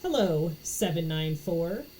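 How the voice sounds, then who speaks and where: A woman voicing a cool, soft-spoken male villain in a book read aloud. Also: on the low side, lively intonation, takes it slowly, a little hiss or hum, poor audio. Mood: menacing.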